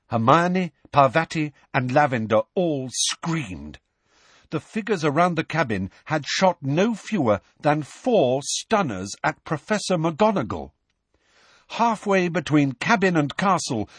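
A man narrating an audiobook in a measured, expressive scripted reading. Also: fairly high pitch, slightly rough, no room sound.

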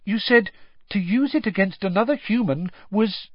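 A man voicing an earnest, clever schoolgirl who protests in a high, hesitant voice, in a slightly muffled recording. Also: normal speed, no room sound. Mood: uncertain.

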